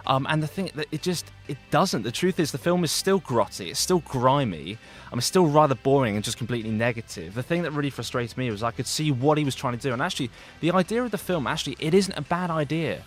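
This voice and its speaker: A man's voice: medium pitch, expressive, fast talker, hardly any pauses. A young man giving a radio film review, rambling with lots of fillers and restarts. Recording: radio studio with faint music.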